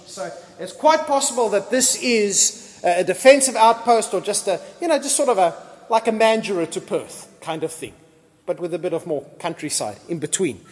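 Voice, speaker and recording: A man preaching a sermon as pastor, lively and conversational, acting out scripture scenes in casual voices. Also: sits high. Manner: lively, acts out biblical dialogue in casual voices. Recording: long reverb of a large hall.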